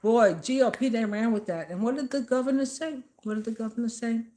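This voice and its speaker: A woman's voice: on the high side, fairly quick, dark tone. Emphatic woman ranting at home. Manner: emphatic, repeats phrases, scolding. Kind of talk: casual political rant to camera.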